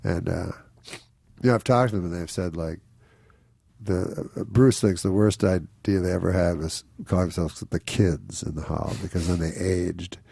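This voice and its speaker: A man telling rambling comic anecdotes on a podcast, slipping into higher voices for the people he quotes. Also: steady tone, moderate pace, vocal fry, dark tone, slightly rough, dry recording, clean studio sound. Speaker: comedian guest. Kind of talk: casual storytelling chat.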